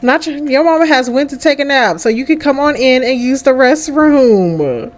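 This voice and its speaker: A young woman with a high, lively voice talks at a normal pace, hosting a let's play of a life-sim game. She chats casually to her character as she plays, giving relaxed gameplay commentary.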